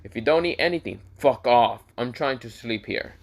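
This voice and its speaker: A man's voice: medium pitch, moderate pace, creaky, lightly acted. A man voicing a sleepy, foul-mouthed teenage boy who is annoyed and threatening.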